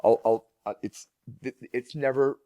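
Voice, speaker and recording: A man's voice: medium pitch, steady tone, measured pace, mellow, dry recording. A man who is a guest speaker and parent, telling stories in a casual interview with many restarts and repeated words.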